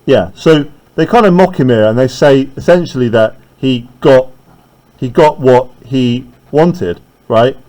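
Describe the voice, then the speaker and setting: A man's voice: medium pitch, unhurried, mellow, poor audio. A male teacher leading a classroom literature lesson, talking conversationally and often checking in with "right?".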